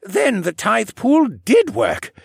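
Guy putting on a kindly koala man, high pitched, earnest and reassuring, dry sound. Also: huge pitch swings, slow, vocal fry, breathy edge, no echo, exaggerated voice.

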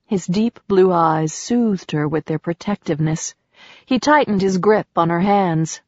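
A woman reading a romance novel aloud in a steady storytelling voice. The recording is dry with a slightly dull tone. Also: lowish voice, unhurried, no room sound. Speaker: audiobook narrator. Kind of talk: scripted narration.

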